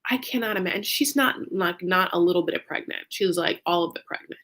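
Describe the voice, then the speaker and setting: A woman talking in a casual, gossipy recap vlog, chatty and animated, packing her talk with "like.". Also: lowish voice, fast. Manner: chatty, heavy use of "like", animated asides. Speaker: YouTube reality-TV recapper.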